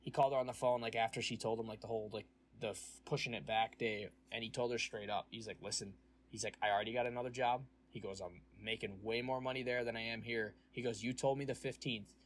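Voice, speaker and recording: A man's voice: on the low side, steady tone, brisk, husky. A young man hosting a casual podcast, telling a long, profane story about his job and acting out what others said. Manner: ranting storytelling, profane, acts out quoted voices. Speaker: podcast host. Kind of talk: casual chat.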